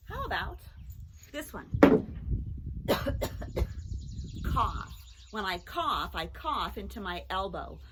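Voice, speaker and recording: A middle-aged woman teaching a children's phonics lesson, talking slowly in a sing-song way and mixing in songs. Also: medium pitch, very noisy. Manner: slow, lively, sing-song teacher talk to young children.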